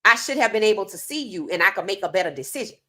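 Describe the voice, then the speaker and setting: A woman racing through an opinionated sports commentary monologue, her medium-pitched voice animated, pushed and bright. She speaks casually and emphatically, directing rhetorical questions straight to her viewers.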